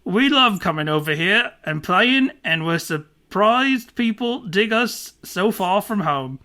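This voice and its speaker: A man's voice: sits high, lively intonation, slow pace, bright, forceful tone, pitched above the performer's own voice, exaggerated voice. A man reading an interview aloud as a male music interviewer, in a bad put-on Australian accent. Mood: goofy.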